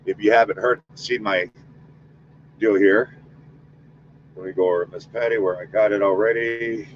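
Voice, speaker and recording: A man's voice: fairly low pitch, fairly even intonation, normal speed, muffled recording, slight background noise. A man hosting a spirit-box session, chatting casually with his audience and leading a spoken protection prayer. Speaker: paranormal investigator host.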